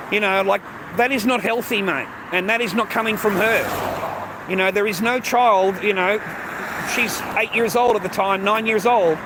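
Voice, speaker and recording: Outdoors by a road, a middle-aged Australian vlogger rants casually to the camera, agitated and profane, repeating himself and calling the listener mate. His voice is high and his pace moderate. Street noise and traffic fill the recording.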